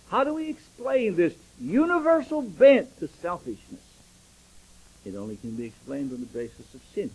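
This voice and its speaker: A man's voice: high-pitched, sing-song, moderate pace, darkish tone, slightly rough, low-quality recording. An older man, a pastor, preaching a sermon and acting out dialogue as he tells stories.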